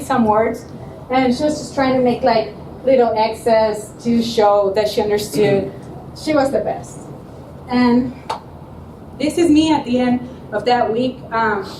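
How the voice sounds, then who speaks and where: A woman with a high voice gives a student presentation, telling lively stories and often laughing as she acts out what people said. She is recorded from a distance in a roomy, echoing space with faint background ambience. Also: slight background noise. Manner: animated storyteller, laughs often, acts out quotes. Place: presentation room. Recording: echoey room, mic from far off.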